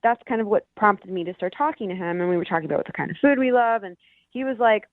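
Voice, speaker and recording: A woman's voice: medium pitch, animated, fast talker, dry recording. Young woman rambling on a phone call into a radio show, thin phone sound, no room at all. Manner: chatty, rambling with many "like" and "you know". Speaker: caller. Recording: tinny phone line.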